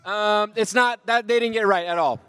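A man hosting an improv comedy game show, his voice sitting a little high. He runs the rounds in a bossy, teasing way. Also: fairly quick, fairly bright tone, clear, resonant tone, no echo.

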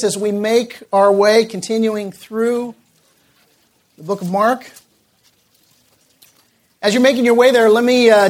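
Guy pastor preaching, lots of uh's, slows down to drive points home, gets quiet on the big questions. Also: very high-pitched. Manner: storytelling with many filler pauses, slowing for emphasis. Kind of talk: sermon.

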